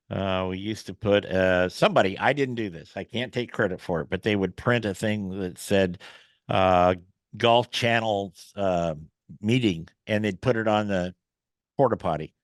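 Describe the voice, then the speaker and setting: A man's voice: fairly low pitch, dry recording. Folksy male podcast host, dry sound. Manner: folksy storyteller, many fillers and restarts. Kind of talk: casual interview chat.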